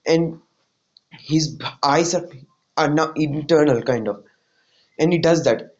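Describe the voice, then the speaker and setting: A man's voice: fairly high pitch, slow, darkish tone, dull audio. A man casually retelling a fan-made story, rambling with many "like"s and "you know"s.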